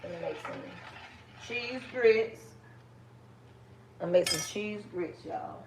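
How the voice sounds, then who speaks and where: A woman's voice: medium pitch, takes it slowly, noisy background. A woman with a Southern US accent chatting casually with her viewers on a livestream while she cooks. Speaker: livestream host.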